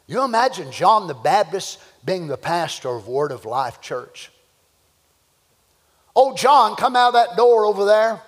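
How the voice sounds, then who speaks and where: A man preaching a fervent, folksy sermon in a church, at times rising to shouts. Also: sits high. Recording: echoey church hall.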